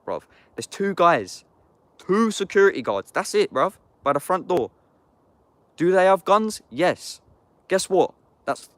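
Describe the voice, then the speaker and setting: A man's voice: on the high side, no room sound. Blunt, sweary man. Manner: blunt, heated and sweary, saying "bruv" constantly. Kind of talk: casual livestream chat.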